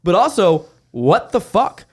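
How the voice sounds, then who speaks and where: A man co-hosting a casual comedy podcast, picking scenes apart with wry, mock outrage. He swears casually, and his voice sits a little high for a man. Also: very animated, unhurried, slightly rough. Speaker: podcast co-host.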